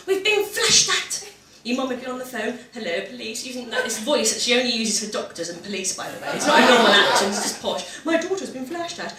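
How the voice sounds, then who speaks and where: Woman doing stand-up, high voice, big animated storytelling, echoey club mic from far off. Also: heavy background noise. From English Midlands. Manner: animated storytelling with loud exclaimed punchlines. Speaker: stand-up comedian. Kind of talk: stand-up comedy set. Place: comedy club stage. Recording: roomy live venue recorded from a distance.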